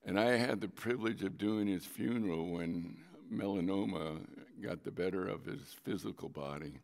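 A man's voice: low-pitched, moderate pace, creaky, a little mellow, long reverb tail. A man preaching a sermon as a pastor, telling a personal story with emphasis and drawing out key words.

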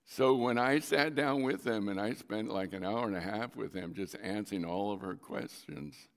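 A man's voice: fairly low pitch, moderate pace, gravelly, in a large hall. A man preaching a sermon as a pastor, telling a personal story with emphasis and drawing out key words.

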